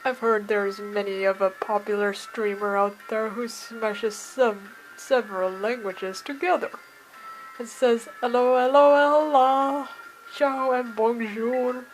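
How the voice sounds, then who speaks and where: Brief: jovial male language teacher, theatrical, foreign words sprinkled in, read by a woman, fairly high, slow delivery. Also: steady tone, soft background music, low-quality recording. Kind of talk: reading game dialogue aloud.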